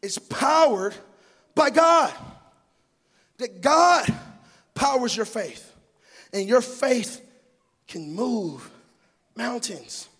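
High husky preacher guy, shouting and chanting his sermon, funny stories, big echoey church. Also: expressive, very slow, long pauses. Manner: chanting, shouted preaching cadence with humorous storytelling. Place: church sanctuary.

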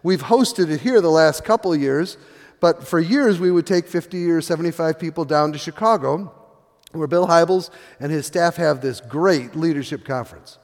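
A middle-aged male pastor preaching in a big church, his fairly high voice ringing out with a long reverb tail. He tells his story in a loose, conversational way, full of "uh"s and false starts. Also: moderate pace. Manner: storytelling with many fillers and restarts. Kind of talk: sermon.

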